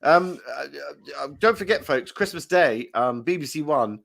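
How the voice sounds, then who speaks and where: A man hosts a comedy show in casual banter. He giggles often and jumps into silly voices. His pitch moves around a lot as he talks. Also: lively intonation, moderate pace, fairly bright tone.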